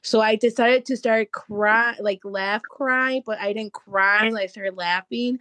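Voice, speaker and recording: A woman co-hosting a podcast in loose, animated chat, her voice sitting a little high. She curses freely and drops into Spanish mid-sentence, with "like" everywhere. The sound is close and dry. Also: slow, few pauses, no echo. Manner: many fillers of like. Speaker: podcast co-host. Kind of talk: casual chat.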